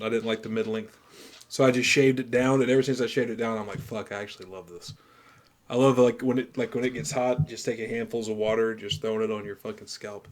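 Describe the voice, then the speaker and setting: A man's voice: mid-range voice, darkish tone. A man co-hosting a podcast in casual chat, loose and enthusiastic with stammering restarts. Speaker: podcast co-host.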